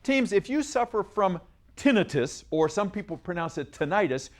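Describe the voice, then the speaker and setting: A man's voice: high voice, animated, normal speed. A man hosting a school science quiz show on TV, upbeat and coaxing as he reads questions and encourages the students.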